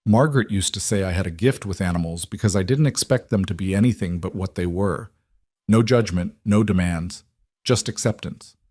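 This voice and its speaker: A man voicing a gruff, quiet rancher who speaks in a plainspoken way. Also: deep voice, moderate pace, dry recording, clean studio sound.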